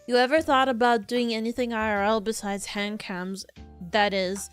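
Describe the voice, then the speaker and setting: A woman's voice: a little high, fairly even intonation, normal speed, smooth, faint music behind. A woman hosting a stream in casual chat, teasing and curious toward her guest. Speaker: stream host.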